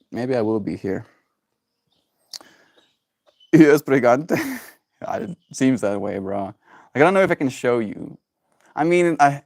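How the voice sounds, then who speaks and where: A man hosting a daily livestream. He rambles casually and playfully, and slips into high baby talk with his pets. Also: creaky, no room sound, clean studio sound.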